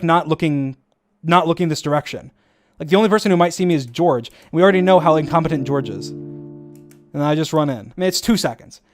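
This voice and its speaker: A man casually commentating over his own gameplay footage, rambling fast with lots of fillers and frequent laughs. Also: on the high side.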